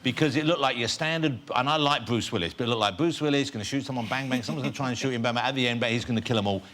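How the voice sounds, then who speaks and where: Quick, animated male talk-show host with a bright, teasing delivery. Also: mid-range voice. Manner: joking, teasing. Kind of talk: chatty interviewing. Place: TV studio.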